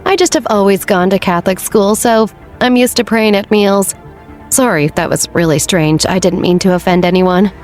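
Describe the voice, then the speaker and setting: A woman voicing a sweet, polite teenage girl exchange student who talks softly and earnestly. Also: medium pitch, normal speed, soft background music, natural voice. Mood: apologetic. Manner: soft, earnest and apologetic.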